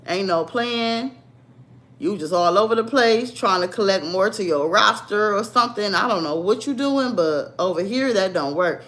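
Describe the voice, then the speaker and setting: A woman's voice: medium pitch, moderate pace, fairly bright tone. Blunt sassy woman chatting to her viewers. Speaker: livestream vlogger. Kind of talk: casual livestream chat.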